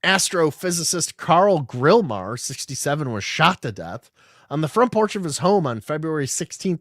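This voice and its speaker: A man hosting a casual livestream podcast, reading articles aloud and breaking off to riff on them. His talk is irreverent and laced with swearing. His voice sits at an ordinary middle pitch and sounds dry and close, with no room around it. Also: dry recording. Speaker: podcast host.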